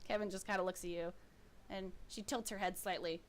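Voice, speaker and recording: A woman runs a tabletop role-playing session and narrates the scene for her player. Her pitch sits right in the middle of the range. She rambles easily, with plenty of fillers and giggles. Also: fairly even intonation, fairly quick. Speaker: game master. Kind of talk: casual tabletop game narration.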